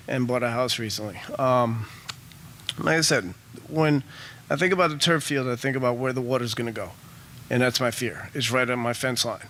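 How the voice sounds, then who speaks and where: A man's voice: medium pitch, fairly bright tone, slight background noise. A man giving a nervous, emotional public comment at a meeting, hesitant and full of ums.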